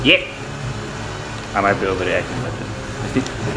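A young man with a fairly low voice rambles through casual gameplay commentary, swearing and tripping over his words. Behind him, a steady air-conditioning hum is clearly heard. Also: a little slow, long pauses. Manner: rambling, restarts, swears often. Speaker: gamer.

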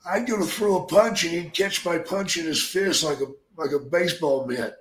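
An older man swaps war stories with a blunt, profane edge, swearing freely as he talks. His voice sits fairly high for a man. It rings out in a roomy, echoing room. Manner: blunt, heavy swearing, drawn-out storytelling. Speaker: guest, retired wrestler. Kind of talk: profane storytelling. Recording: roomy echo.

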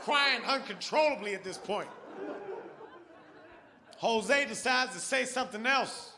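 A male stand-up comedian telling a profane, animated story on a large theater stage, speaking into a handheld mic. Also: extremely high pitch, unhurried, a faint crowd. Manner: profane, animated, shouts for emphasis. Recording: live show, loud audience laughter and noise.

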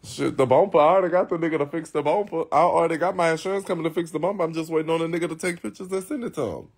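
A man's voice: a little high, steady tone, racing. Blunt, profane man chatting on a live stream. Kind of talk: casual live-stream chat to viewers.

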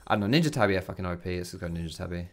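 Low-voiced man talking through his game. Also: expressive, very fast. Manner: chatty, loose, swears freely. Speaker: gaming commentator. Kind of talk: casual gameplay commentary. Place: bedroom at home. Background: keyboard and mouse clicks.

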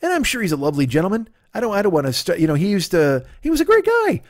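A man's voice: sits high, huge pitch swings, rapid-fire, dry recording. A man in his fifties hosting a solo comedy podcast, rambling through a profane, sarcastic rant. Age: 50s.

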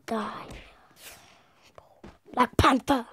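A woman hosting a gaming channel, giving gameplay commentary that drops to a whisper often and breaks into sudden loud, excited outbursts. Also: fairly high pitch, slow, vocal fry, long pauses, breathy edge.

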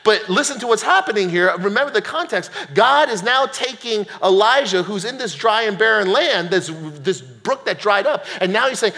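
A man's voice: high-pitched, moderate pace, few pauses. A male pastor giving a sermon in a church, telling a story and acting out its characters. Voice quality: animated storyteller, acts out the characters. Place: church sanctuary, Los Angeles. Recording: long hall reverb, church sanctuary.

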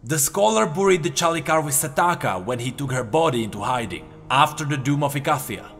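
A snarling, menacing wolf-like warrior with a growling delivery, as a man puts him on. His lines rise and fall in a lively, threatening way in a fantasy story reading. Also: a little high, a little fast, gravelly, big-room sound, soft background music.

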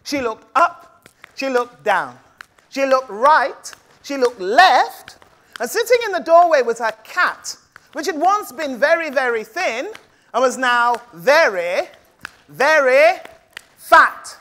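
A woman's voice: high voice, lively intonation, slow, fairly bright tone. A woman storyteller telling a tale live to an audience in a playful, rhythmic, call-and-response manner.

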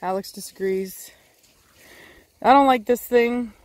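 A woman's voice: a little high, a little slow, a little mellow, dry recording, low-quality recording. A woman with a Texan accent chatting casually outdoors in a vlog, talking to her dogs. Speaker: dog breeder vlogger. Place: outdoors in a windy yard. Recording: faint wind noise outdoors.

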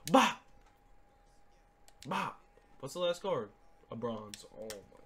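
A young man giving gaming commentary as he opens card packs, swinging between hyped shouts and deflated mumbling. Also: mid-range voice, lively intonation, normal speed, a little hiss or hum. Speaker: gaming YouTuber. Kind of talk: pack-opening commentary.

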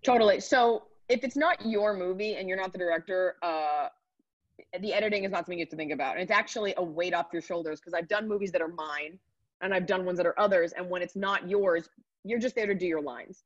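A woman in her thirties, a comedian, chatting upbeat and quick in an interview over a video call. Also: on the low side, no room sound. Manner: chatty, upbeat, rapid asides. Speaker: comedian guest. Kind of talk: casual interview answers. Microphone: computer mic on a video call. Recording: dry, dull video call audio.

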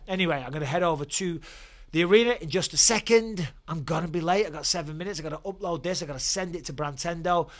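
Casting: forties bloke, fairly high voice, blunt and sweary, off-the-cuff vlog rant. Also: male voice. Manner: blunt, profane, heated. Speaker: YouTube host, former fighter. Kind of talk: casual opinion vlog rant.

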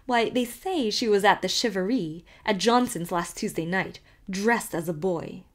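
A woman's voice: mid-range voice, normal speed, lightly acted. A woman voicing a prim, gossiping older village woman who disapproves with tolerant, mock-pleasant airs. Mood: disapproving.

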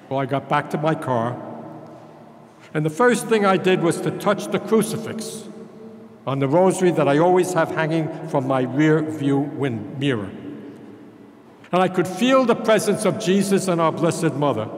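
A man's voice: on the high side, animated, moderate pace. An older man, a priest, preaching a sermon in a folksy storytelling manner. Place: large church. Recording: echoey church with long reverb.

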